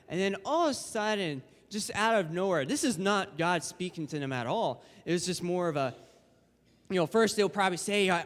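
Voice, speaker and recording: A man's voice: high voice, expressive, normal speed, fairly bright tone. Young man preaching in an echoing church. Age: young adult. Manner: casual and conversational, acting out quotes. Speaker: guest preacher. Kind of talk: informal sermon. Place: church sanctuary. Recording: long church hall reverb.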